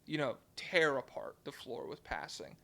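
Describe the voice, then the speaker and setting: A man co-hosting a casual sports podcast, animated and joking, swearing freely. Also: medium pitch, moderate pace, vocal fry. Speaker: podcast co-host.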